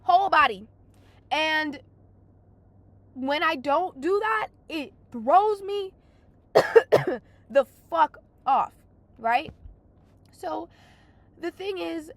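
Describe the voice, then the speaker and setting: A young woman vlogger rants through a casual story, exasperated and swearing a lot. Her high-pitched voice is hoarse from crying.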